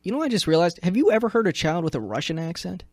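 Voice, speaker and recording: A man's voice: sits high, dry recording, clean studio sound. A man, the station's news director, trading jokes and retelling odd stories in a casual radio chat. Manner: jokey, animated, quick joking asides. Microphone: studio microphone.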